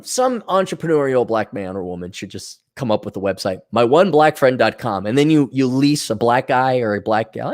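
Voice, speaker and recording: A podcast host with a mid-range voice rants solo at a moderate pace, barely pausing. His commentary is profane and sarcastic, animated, with scornful asides and mocking impressions of quoted speech.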